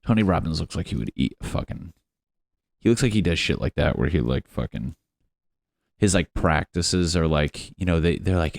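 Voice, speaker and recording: A man's voice: low voice, animated, moderate pace, gravelly, dry recording, clean studio sound. A young man hosting a solo comedy podcast from his apartment, rambling and profane, slipping into silly quote voices. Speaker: podcast host. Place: his apartment on a lunch break.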